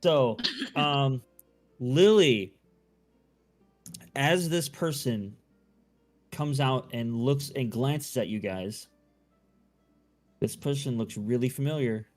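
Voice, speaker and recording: A man's voice: mid-range voice, slow, long pauses, faint music behind. A man running a tabletop game as game master, narrating loosely with many fillers and restarts.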